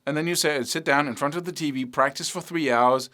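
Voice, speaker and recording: A man's voice: fairly high pitch, a little fast. A middle-aged man teaching guitar in a casual, blunt, emphatic way, often singing rhythms as "da da da". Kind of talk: casual spoken guitar lesson.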